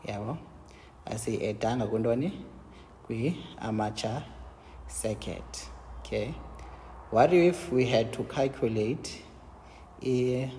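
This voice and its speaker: A man with a South African Xhosa accent teaching an engineering lesson, mixing English and Xhosa, explaining step by step and answering his own questions with quick checks like "yabo?". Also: medium pitch, mellow, in a large hall, slight background noise. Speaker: engineering lecturer.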